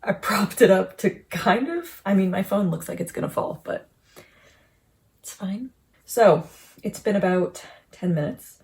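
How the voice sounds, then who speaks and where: Chatty young woman with a dark husky voice. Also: mid-range voice, expressive, a little slow. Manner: chatty, self-mocking, drops into whispers. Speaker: vlogger. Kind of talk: casual writing vlog.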